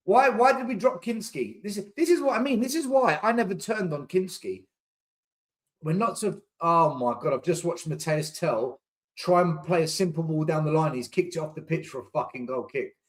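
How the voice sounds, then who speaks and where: A man's voice: a little high, expressive, normal speed. A young man hosting a live football watchalong, exasperated, swearing and repeating himself as he reacts. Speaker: fan channel host. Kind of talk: live match watchalong commentary.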